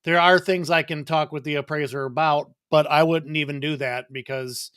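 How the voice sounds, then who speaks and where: A man speaking as a guest, explaining in a measured way with some hesitant fillers. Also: fairly high pitch, steady tone, a bit bright, smooth, no room sound, studio quality. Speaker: loan officer guest. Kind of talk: casual explanatory answers.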